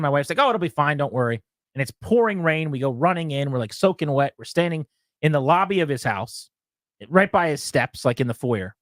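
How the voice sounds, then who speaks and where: Male radio host, chatty storyteller, slightly high voice, dry close mic. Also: no room sound. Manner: animated storyteller, acts out quotes with laughs. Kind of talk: casual sports talk storytelling.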